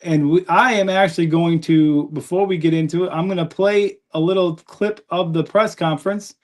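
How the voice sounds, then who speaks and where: A man's voice: sits high, steady tone, moderate pace. A man hosting a live sports podcast, chatty and upbeat as he reads viewer comments aloud. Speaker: podcast host.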